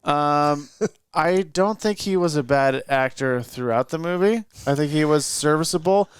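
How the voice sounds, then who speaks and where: Smooth, higher-voiced man chatting casually. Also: measured pace, no echo, studio quality. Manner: rambling, playful. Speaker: podcast co-host. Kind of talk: casual chat.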